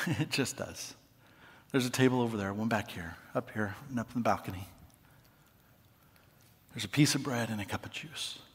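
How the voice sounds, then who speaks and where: A man preaching as a pastor, earnest and emphatic, sometimes dropping to a soft, quiet voice for prayer, in a large church hall with a balcony. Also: fairly low pitch, normal speed, pauses often. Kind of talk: sermon. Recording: long hall reverb.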